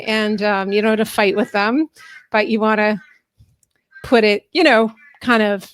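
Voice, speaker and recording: A woman's voice: on the high side, steady tone, normal speed, no room sound. A woman life coach explaining a method on a video call, friendly and instructive, laughing often. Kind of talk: explaining a coaching method in a live online talk.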